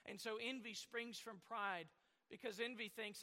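High bright-voiced male preacher in a hall. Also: steady tone, normal speed. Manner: rambling, asks the congregation questions. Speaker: pastor. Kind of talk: sermon.

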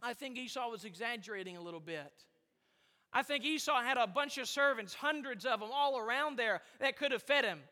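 High-voiced preacher in an echoing hall. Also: male voice, lively intonation, pushed and bright. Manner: preaching with repetition and emphatic pauses. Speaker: pastor. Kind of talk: sermon. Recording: long reverb of a church hall.

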